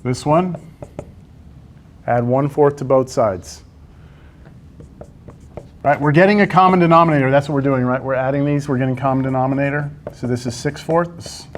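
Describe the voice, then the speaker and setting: With long pauses at a normal speed, a man with a mid-range voice lectures a math class, solving problems and coaxingly quizzing students with lots of "right?". A little hiss or hum sits under the recording.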